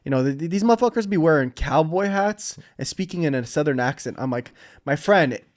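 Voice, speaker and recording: A man's voice: on the high side, lively intonation, fast, a little mellow. A man in casual podcast chat, joking and swearing freely. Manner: profane, joking.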